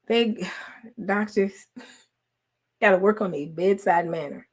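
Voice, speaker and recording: A woman, telling a story in casual chat with her followers, laughing often and swinging from loud to hushed. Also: medium pitch, takes it slowly, long pauses, breathy edge. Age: 40s. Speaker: online host talking to followers.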